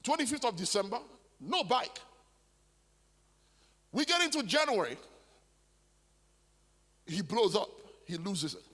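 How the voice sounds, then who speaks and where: Pastor guy preaching, high voice, keeps repeating himself, long church reverb. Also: big pitch swings, a little slow, long pauses, pushed and bright. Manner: preaching with emphatic repetition and stammered restarts. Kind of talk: sermon. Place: large church hall.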